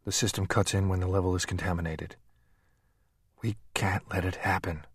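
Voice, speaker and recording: A man voicing a grim, calm male scientist who speaks quietly and clipped, growing urgent. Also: deep voice, normal speed, breathy edge, dry recording, studio quality. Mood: grave.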